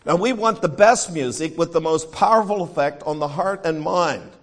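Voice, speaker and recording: American preacher with a slightly high voice. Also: male voice, moderate pace. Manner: singing hymn lines between teaching; reads scripture aloud. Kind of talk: sermon.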